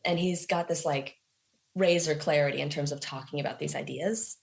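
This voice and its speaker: A woman musician being interviewed, telling stories in a reflective, animated way with casual fillers. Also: sits low, normal speed, creaky. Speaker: guest musician. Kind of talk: conversational interview.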